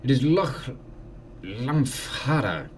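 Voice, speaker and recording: A man voicing a courtly lord of a manor, slow, measured, formal, lower and softer. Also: big pitch swings, slight background noise. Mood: solemn.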